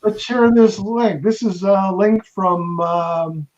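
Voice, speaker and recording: A man's voice: high voice, takes it slowly, darkish tone. A man hosting a casual livestream chat, easygoing and laughing along with his guest. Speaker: livestream host. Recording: dull lo-fi audio.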